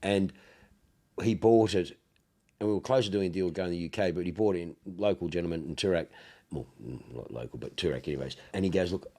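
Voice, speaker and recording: An Australian man with a Melbourne accent, a car dealer who hosts a podcast, talks in a low, brisk voice with a dark tone. In casual chat he tells broad, slangy stories, swearing freely and acting out what people said.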